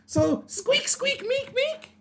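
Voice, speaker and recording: A woman's voice: extremely high pitch, big pitch swings, takes it slowly, creaky, full character voice. A woman voicing a jittery little male goblin scout who chatters eagerly and stammers over repeated words. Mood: nervous chatter.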